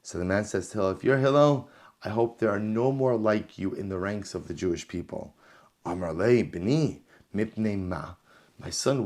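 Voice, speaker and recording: A man teaching a Talmud class as a rabbi. He reads the Aramaic text aloud, then explains it in English, telling the story with lively energy and often repeating phrases for emphasis. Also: on the low side.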